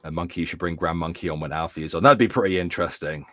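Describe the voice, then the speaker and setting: A British man co-hosting a casual talk show, rambling and stammering as he retells things with animated quotes. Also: sits low, rapid-fire, no echo. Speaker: podcast co-host. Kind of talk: casual chat.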